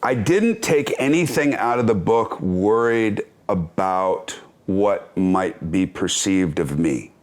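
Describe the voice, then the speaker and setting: A deep-voiced man in his fifties answers interview questions in a loose, candid way. He is reflective and self-deprecating, with wry chuckles between thoughts. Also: lively intonation, takes it slowly, few pauses. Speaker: actor and author, interview guest.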